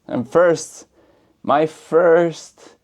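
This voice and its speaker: A man's voice: a little high, extremely slow, darkish tone. A man giving a casual, rambling spiritual talk in a playful, joking way and laughing often. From United States. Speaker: spiritual speaker.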